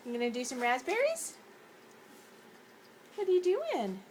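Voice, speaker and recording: A woman's voice: high voice, huge pitch swings, a little slow, a little hiss or hum. A woman talking to her pet parrot at home in coaxing baby talk, recorded on a phone held close. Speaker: pet owner.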